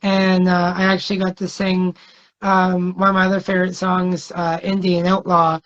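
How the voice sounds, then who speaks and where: A man's voice: high voice, completely flat delivery, normal speed, a bit bright. A man, a guest singer, telling long stories in a casual interview, rambling and hesitant with many fillers. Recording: dull lo-fi sound.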